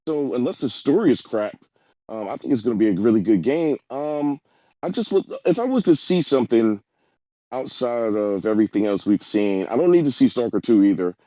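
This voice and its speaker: A man's voice: mid-range voice, animated, a little fast, warm tone, no room sound. A man as a podcast guest, talking emphatically and rambling in casual chat. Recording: dull dry lo-fi mic.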